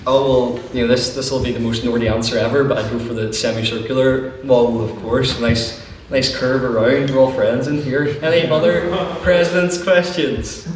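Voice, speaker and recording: A man's voice: mid-range voice, fairly even intonation, normal speed. A young man, presiding over a student debating society and fielding questions with jokey, self-deprecating puns. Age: young adult. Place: large lecture hall with an audience. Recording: echoey hall from far off, noisy.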